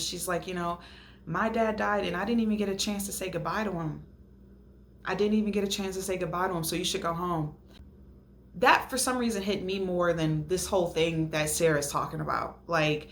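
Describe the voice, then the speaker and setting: A woman hosts a casual recap of a reality show, her voice sitting at an ordinary middle pitch. She talks in an animated, ranting way, acting out other people's lines with mocking voices. A faint hiss of background noise sits under the recording. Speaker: host.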